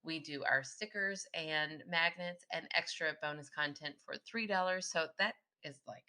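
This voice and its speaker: A woman co-hosting a casual podcast, talking in a loose, chatty way. Her voice sits low but has a bright, forward edge. She breaks into laughter often. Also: normal speed. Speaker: podcast co-host. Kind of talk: casual chat.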